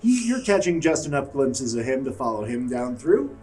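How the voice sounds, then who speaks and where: A man's voice: medium pitch, sing-song, moderate pace, a little mellow, distant mic, faint music behind. A man running a tabletop game as game master, narrating with a laugh.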